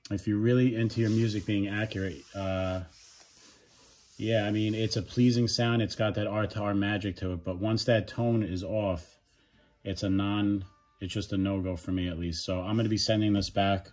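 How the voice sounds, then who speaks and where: A man with a fairly low voice talks through an audio gear review in a relaxed, unscripted way. He speaks frankly, often stopping to restart or correct himself as he goes. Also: moderate pace. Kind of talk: casual product review.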